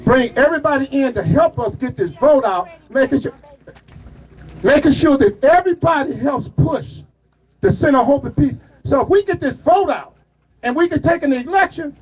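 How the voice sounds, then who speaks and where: A man giving a fiery shouted speech to a crowd at an outdoor protest march, calling out to them like a preacher. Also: extremely high pitch, lively intonation, normal speed. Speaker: rally speaker. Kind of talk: shouted street rally speech. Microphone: phone recording from the crowd. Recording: muffled phone recording outdoors.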